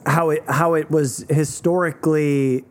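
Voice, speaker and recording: A man's voice: on the high side, fairly even intonation, a little slow. A man co-hosting a podcast in casual chat, rambling with lots of swearing. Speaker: podcast co-host.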